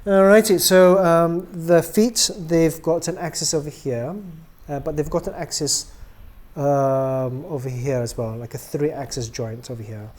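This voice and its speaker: A middle-aged doll maker casually shows how to pose a doll and reset its joints, his voice a little high and his pace unhurried. He sounds relaxed and chatty, saying "um" a lot and letting his phrases fade out quietly at the ends.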